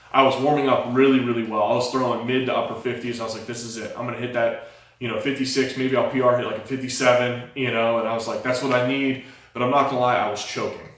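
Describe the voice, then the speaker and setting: A young man candidly telling his own life story, acting out the quoted dialogue as he goes. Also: medium pitch. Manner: lively retelling, acts out quoted dialogue. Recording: very echoey room, mic far off.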